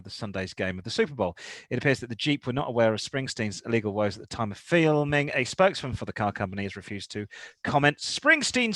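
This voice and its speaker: A man's voice: medium pitch, a bit bright, no echo. A man hosting a car podcast, reading news stories with rambling, jokey asides. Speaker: podcast host.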